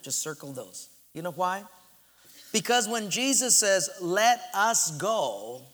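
A male pastor preaching a sermon, telling stories dramatically and swinging between loud bursts and hushed asides, with hall reverb. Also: high-pitched.

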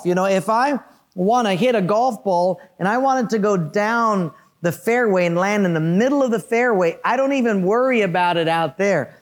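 Pastor, man, high voice, chatty and playful sermon delivery to the congregation. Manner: playful, conversational, addresses congregation directly.

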